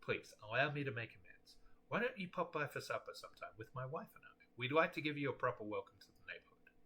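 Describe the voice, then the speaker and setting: A man's voice: mid-range voice, expressive, quick pace, sharp tone, husky. A man voicing a polite, earnest husband who pleads and frets.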